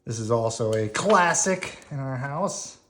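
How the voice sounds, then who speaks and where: A woman reading a bedtime story aloud to her child at home, playful and animated. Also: extremely low pitch, unhurried, a little hiss or hum.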